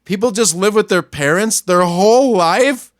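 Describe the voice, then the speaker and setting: Ranting podcast host, male, high-pitched, dry close sound, crude and angry, mutters then yells. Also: normal speed, no room sound. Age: adult, not much older than a young store clerk. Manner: angry, crude, swings between muttering and yelling. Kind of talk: profane ranting monologue.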